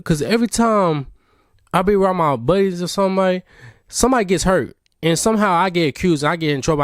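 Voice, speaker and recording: A man's voice: a little high, no echo, clean studio sound. Rambling young man telling a story. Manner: rambling, slangy, many fillers. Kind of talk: casual personal storytelling.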